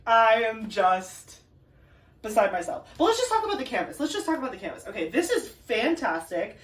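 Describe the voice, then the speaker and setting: A woman crafting vlogger chatting casually to camera while unboxing, gushing and excitable with lots of fillers. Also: on the high side. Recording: a bit distant from the mic, faint ambient noise.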